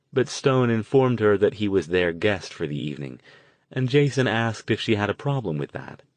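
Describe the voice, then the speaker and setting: A man narrating an audiobook in a steady, even reading voice. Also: low-pitched, dry recording. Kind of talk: scripted narration.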